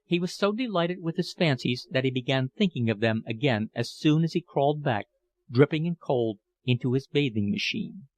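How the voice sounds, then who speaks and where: A man narrates a classic novel as an audiobook reader, his mid-range voice measured and expressive. The recording has no room sound.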